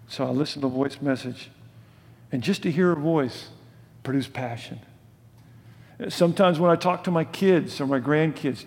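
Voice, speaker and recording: An older man preaching a sermon in a conversational way, asking his listeners questions and dropping from loud emphasis to soft, low asides. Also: creaky, long reverb tail. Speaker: pastor.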